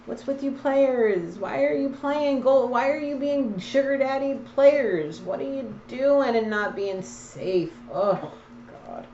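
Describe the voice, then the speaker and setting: A woman's voice: a little high, lively intonation, slow pace, darkish tone, slight background noise. A woman in an echoey room gives a casual card reading, talking straight at the listener. She is blunt and preachy with a teasing streak. The sound is slightly dull and a little muffled. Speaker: tarot card reader.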